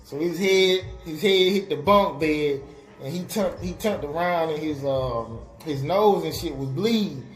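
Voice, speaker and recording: A young man, speaking a touch higher than most men, rambles through a story with constant fillers and acted-out quotes. The room sounds echoey, and faint music plays behind him. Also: measured pace. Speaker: web radio host. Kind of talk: casual storytelling.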